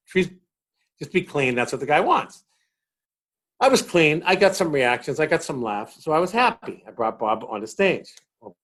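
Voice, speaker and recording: A middle-aged man with a Boston accent, a comedian chatting as a guest and telling stage stories with lively, acted-out quotes. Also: medium pitch. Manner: animated storyteller acting out quotes. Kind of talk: casual chat, storytelling.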